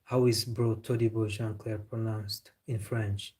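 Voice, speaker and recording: Low, flat-voiced football streamer man. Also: a little slow, few pauses, husky. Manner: opinionated, replying to chat. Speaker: football live stream host. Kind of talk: casual live-stream football chat.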